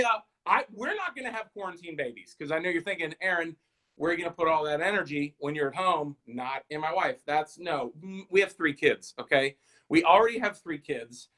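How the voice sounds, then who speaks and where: A man's voice: a little high, sharp tone, low-quality recording. A man in his thirties hosting a live stream, rambling through stand-up style jokes, self-deprecating and talking straight to his viewers.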